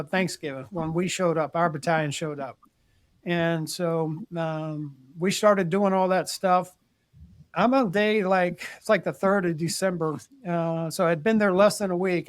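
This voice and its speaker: An older man recounts his army days in a casual, plainspoken way, often repeating words as he restarts a sentence. His voice sits fairly high for a man. The sound is close and dry, with no room echo. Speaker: retired army general, podcast guest. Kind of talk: casual storytelling interview.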